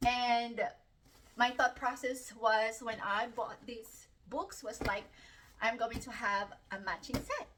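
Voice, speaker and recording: A woman chatting casually through a book unboxing vlog, excitable and chatty with lots of fillers and little gasps. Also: on the high side, slow pace, far from the mic, a little hiss or hum. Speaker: book vlogger.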